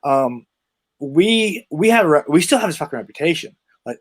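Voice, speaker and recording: A man who is an interview guest and gym owner, telling stories casually with lots of swearing, often trailing off quietly. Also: a little high, brisk. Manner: profane, animated storytelling, trails off quietly.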